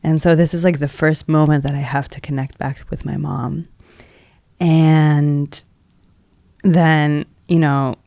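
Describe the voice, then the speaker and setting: Earnest gravelly-voiced woman telling a story. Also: sits low, fairly even intonation, slow, dark tone, dry recording, studio quality. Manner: heavy use of "like" as filler; earnest, emotional retelling. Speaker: podcast guest, energy healer. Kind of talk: casual personal storytelling.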